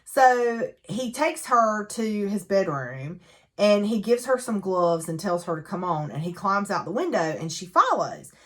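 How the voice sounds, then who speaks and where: A woman's voice: medium pitch, big pitch swings, a little slow, fairly bright tone. A woman casually recapping a novel, chatty and gushing, slipping into the characters' lines as she goes. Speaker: book reviewer.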